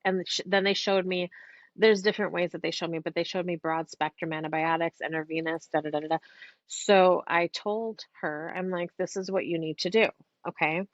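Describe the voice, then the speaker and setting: Woman psychic rambling through a story, lowish voice, dull dry sound. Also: moderate pace, no echo. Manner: chatty, animated, swears casually. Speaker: psychic medium guest. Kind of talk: casual podcast storytelling. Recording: dull, dry lo-fi podcast audio.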